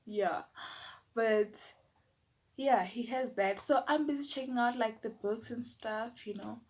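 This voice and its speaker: A young woman from South Africa with a South African accent, telling a personal story in a lively, chatty way full of filler words. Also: on the high side, slow pace. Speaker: YouTuber. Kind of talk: casual storytelling.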